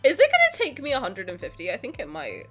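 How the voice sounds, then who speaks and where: Lively, foul-mouthed woman streamer. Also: on the high side, fast, soft background music. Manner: mock-angry, swearing, playful. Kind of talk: live-streamed game play with chat.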